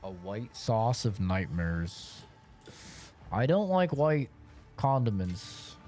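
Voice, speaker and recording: A man's voice: on the low side, sing-song, slow, warm tone, faint music behind. A man streaming a game, chatting casually and swearing as he plays and rants. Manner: swears freely, rants animatedly. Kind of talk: casual gameplay commentary.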